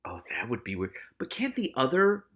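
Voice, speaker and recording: A man's voice: mid-range voice, huge pitch swings, normal speed, a bit bright. A man reading a novel aloud, often breaking off to react and exclaim. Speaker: reader and commentator.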